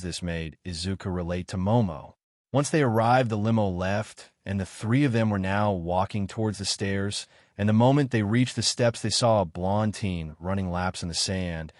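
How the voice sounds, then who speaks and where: A man narrating a fan fiction story in a steady, plain read. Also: lowish voice, no echo, clean studio sound.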